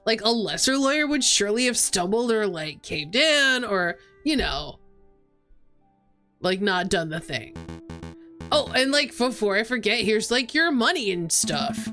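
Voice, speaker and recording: A woman's voice: fairly high pitch, sing-song, unhurried, sharp tone, heavily acted. Laid-back surfer-dude fox, drawling and bouncy, voiced by a woman, faint music behind. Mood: breezy. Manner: drawling, full of likes and dudes.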